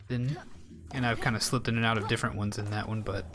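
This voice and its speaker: A man's voice: on the low side, steady tone, fast talker, a bit bright, a little hiss or hum. A man with a Southern US accent, rambling in casual live gameplay commentary and chatting straight to his viewers. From Southern United States. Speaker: streamer.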